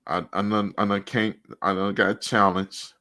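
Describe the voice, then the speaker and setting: A man's voice: fairly low pitch, level tone, normal speed, sharp tone. A young adult man chatting casually, stammering as he cheers on a friend. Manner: stammering, encouraging banter. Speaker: co-host. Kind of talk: casual chat.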